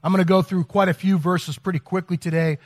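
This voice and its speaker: Speaking quickly in a high, steady tone, a middle-aged pastor delivers a sermon. The story he tells rambles, with frequent restarts, repeated words, and self-interruptions.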